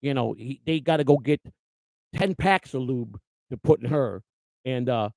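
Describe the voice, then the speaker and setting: Gravelly rambling livestream host. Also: male voice, mid-range voice, moderate pace, warm tone, no echo, rough recording. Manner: rambling, blunt, many restarts. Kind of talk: casual livestream monologue.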